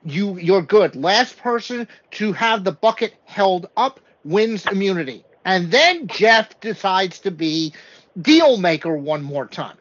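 A man's voice: high-pitched, slow, dull audio, slight background noise. A man co-hosting a podcast, recapping a TV episode in casual chat and acting out what people said. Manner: animated storytelling, acts out quotes. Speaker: podcast co-host.

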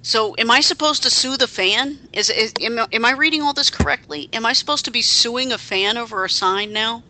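A woman co-hosts a casual podcast chat about pro wrestling, chatty, wry and indignant, with many restarts. Her voice is fairly high and sharp, she talks fairly quickly, and there's a little hiss or hum.

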